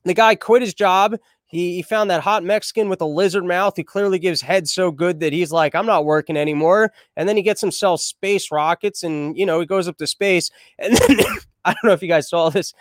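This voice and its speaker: A man's voice: high-pitched, moderate pace, dry recording, studio quality. A man hosting a podcast, riffing on the news in a crude, irreverent, rambling way. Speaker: podcast host. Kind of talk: comedic news commentary.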